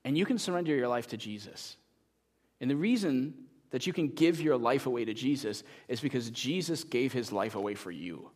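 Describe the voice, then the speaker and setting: A man preaching a sermon as pastor, telling a story with lively energy and then making a quiet, earnest appeal to the congregation. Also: mid-range voice, normal speed.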